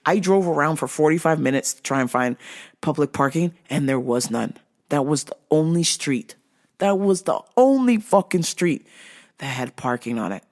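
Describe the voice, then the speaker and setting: A woman's voice: low-pitched, lively intonation, normal speed, darkish tone. A woman hosting a talk show, ranting in a profane, emphatic, comic way and laughing through her stories. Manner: foul-mouthed, emphatic, repeats "okay?". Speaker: show host. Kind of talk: profane comedic rant.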